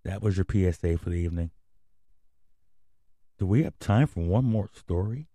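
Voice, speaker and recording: A man's voice: sits low, moderate pace, mellow, no room sound. A man hosting his own radio show, riffing on news items in blunt, profane, rambling rants. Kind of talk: casual commentary and news reading.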